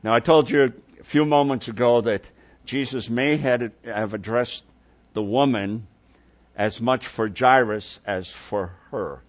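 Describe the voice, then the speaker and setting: A male preacher delivering a sermon at a slow, deliberate pace. He lingers over his words, sinks into hushed low tones when he quotes, and lifts his voice when he presses a point. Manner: unhurried, drops to soft low tones for quoted words, swells when emphatic.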